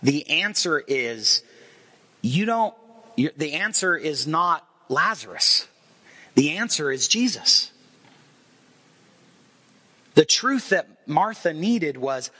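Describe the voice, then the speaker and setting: A man in his forties preaching a sermon, telling the story with lively acted-out quotes. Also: on the high side, takes it slowly, long pauses. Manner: animated storyteller acting out quoted voices. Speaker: pastor.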